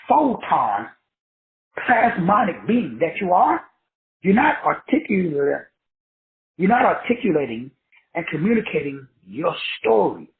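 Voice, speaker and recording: A man called Doc giving a motivational class, preachy and profane, riffing in rhymes as he teaches. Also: high voice. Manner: preachy, profane, rhyming riffs. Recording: tinny phone-like sound in an echoey room.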